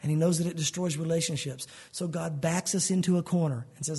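A man's voice: fairly high pitch, steady tone, brisk, hardly any pauses, mellow, slightly rough. A man preaching a sermon in a conversational, earnest way, explaining verses in plain words and calling the listeners "guys". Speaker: pastor.

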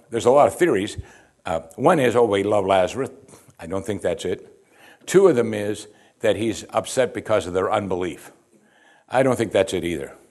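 A man preaching a sermon, reading scripture and explaining it with rhetorical questions and repeated "you see". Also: on the low side. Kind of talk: sermon, verse-by-verse Bible teaching.

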